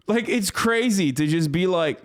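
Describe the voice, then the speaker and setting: A man's voice: sits high, lively intonation, slow pace. A man livestreaming casual commentary, ranting in an exasperated, profane way and rambling with frequent restarts. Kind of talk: casual live-stream commentary.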